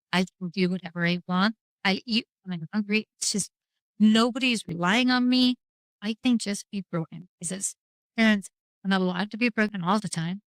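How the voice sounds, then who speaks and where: A woman's voice: mid-range voice, dry recording, poor audio. A woman talking earnestly and reflectively about grief in a candid conversation, often restarting her sentences. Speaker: podcast guest.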